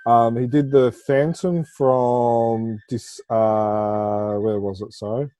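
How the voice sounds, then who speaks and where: A man co-hosting a podcast interview, going through facts in an unhurried way with pauses. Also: medium pitch, steady tone, warm tone. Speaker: podcast co-host. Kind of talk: casual interview.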